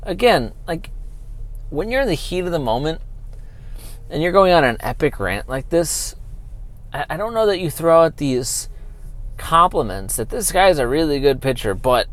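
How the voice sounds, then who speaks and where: A man's voice: fairly high pitch, moderate pace, pauses often. A man hosting his own sports podcast, ranting casually to listeners with lots of fillers and asides. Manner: animated, talky, with many fillers and asides. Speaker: podcast host.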